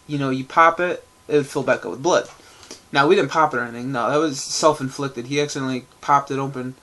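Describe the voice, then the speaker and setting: A man's voice: medium pitch, fairly bright tone. A man rambling casually to camera at home in a loose, profane vlog, full of fillers and restarts. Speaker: vlogger. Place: at home indoors.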